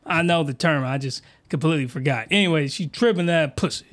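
A man's voice: a little high, brisk, a bit bright. A man hosting a comedic review podcast, rambling and jokey, often cutting himself off mid-sentence. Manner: rambling, self-interrupting, jokey. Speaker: podcast host reviewing comics. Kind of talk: crude comedic review monologue.

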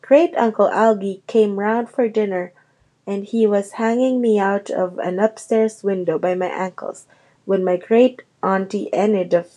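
A woman voicing a shy young schoolboy who speaks softly and hesitantly in a storybook reading. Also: mid-range voice, fairly even intonation, a little slow, lightly acted.

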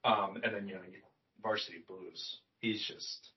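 A young man co-hosting a casual movie podcast, relaxed and swearing, often trailing off with fillers. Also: on the low side, normal speed. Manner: laid-back, swears freely, trails off with fillers. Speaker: podcast co-host. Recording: distant mic, dull lo-fi sound.

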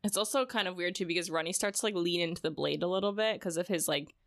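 A woman's voice: lowish voice, fast. A woman co-hosting a podcast in a casual book discussion, retelling scenes with lots of "like" and acting out lines. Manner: animated retelling, frequent "like", acts out characters' lines. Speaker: podcast co-host.

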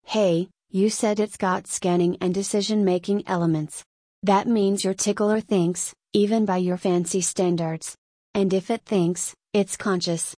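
A woman's voice: medium pitch, steady tone, a little slow, dark tone, no echo, natural voice. A woman reading the lines of a stubborn, plain-spoken middle-aged man who talks bluntly and folksily, in a dry, close recording.

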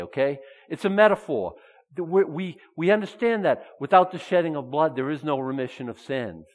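Animated male preacher in a reverberant hall. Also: on the high side. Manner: animated, rhetorical questions, asides with chuckles. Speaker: pastor. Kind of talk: sermon. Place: church sanctuary.

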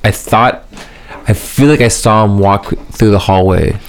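A man's voice: on the low side, unhurried. A man telling a long story in casual podcast chat, rambling and full of fillers, swearing casually.

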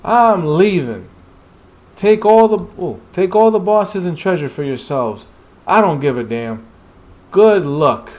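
A man's voice: sits high, lively intonation, takes it slowly, pitched above the performer's own voice. A man voicing a furious male hunter who is fed up and quitting. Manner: shouting, fed up.

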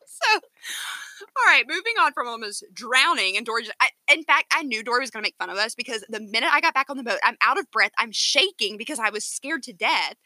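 A woman co-hosting a casual podcast, telling a story with emphatic, defensive energy. Her voice is very bright and swings through a lively range. The sound is dry and close. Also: on the high side, fairly quick, no room sound. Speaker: podcast co-host. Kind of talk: casual chat.

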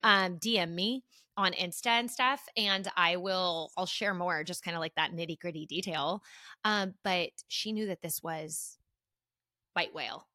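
Brief: podcast host, woman in her thirties, rambling and chatty, bright tone, dry close sound. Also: fairly low pitch, a little slow, dry recording. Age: 30s. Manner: chatty, rambling, many fillers. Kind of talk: casual storytelling chat.

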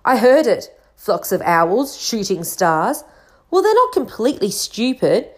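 A woman's voice: medium pitch, big pitch swings, a little slow. A woman voicing a severe older witch professor who talks impatiently and irritably. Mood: irritable.

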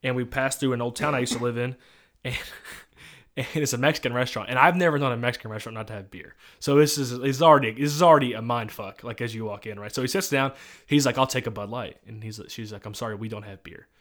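A man's voice: medium pitch, steady tone, quick pace, fairly bright tone. Rambling young man telling stories. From Missouri. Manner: rambling, storytelling, laughs often. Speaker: podcast host. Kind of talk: casual chat.

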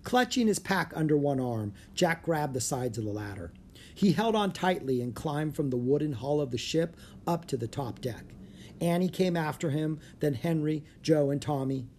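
An audiobook narrator reading a children's adventure aloud, steady and clear, shifting slightly into each character. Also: mid-range voice, moderate pace, slight background noise. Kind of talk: storybook read-aloud.

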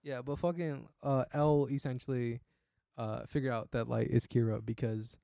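A man's voice: medium pitch, fairly even intonation, moderate pace, gravelly, dark tone, no echo, studio quality. A man co-hosting a podcast in casual chat, talking loosely with frequent fillers and swearing. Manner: casual, swears, lots of likes and restarts. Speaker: podcast co-host.

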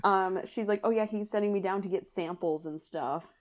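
A woman's voice: mid-range voice, normal speed. A woman co-hosting a podcast, chatting casually about a movie, laughing often and talking in loose asides. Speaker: podcast co-host. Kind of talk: casual chat reviewing a movie.

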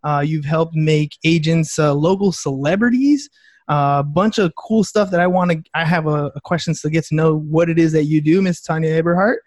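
A man hosting a podcast, introducing guests in a halting way with many fillers and self-corrections. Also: a little high, darkish tone, dry recording, studio quality. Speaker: podcast host.

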